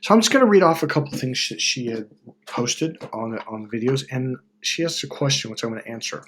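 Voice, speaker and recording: A middle-aged man hosts a self-help video, delivering a casual, blunt monologue full of swearing and loud, mocking voices whenever he quotes someone. His medium-pitched voice is expressive and fairly quick, with a little hiss or hum on the recording.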